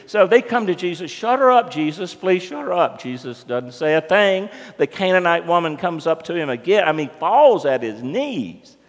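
Male pastor, lively storytelling sermon, slightly high voice, church reverb. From United States. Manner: conversational storytelling, asks the congregation questions. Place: church sanctuary.

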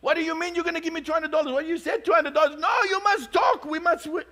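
A man acting out a shopkeeper who loudly refuses a buyer who won't haggle. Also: extremely high pitch, little pitch movement, fast talker, pitched above the performer's own voice. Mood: indignant. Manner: shouting, exasperated. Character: loud haggling male shopkeeper, indignant.

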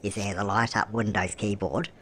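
A man's voice: lowish voice, fairly even intonation, fairly quick, sharp tone, a little hiss or hum. A man playing a chatty old nan gamer. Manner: calls listener love, answers own questions. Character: chatty elderly grandmother gamer, cheeky. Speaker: game host. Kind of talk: let's-play commentary. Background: music.

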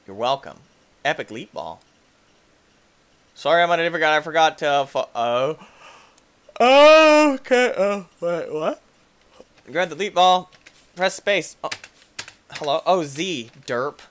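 Excitable, high-voiced gaming guy. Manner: excitable, goofy, quick to laugh and yell at the game. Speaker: gaming YouTuber. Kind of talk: let's play commentary.

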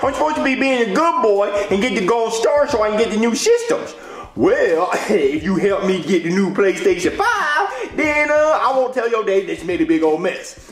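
A man voicing a greedy, scheming young boy who talks in a bossy, slangy, conniving way. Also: high-pitched. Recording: echoey room.

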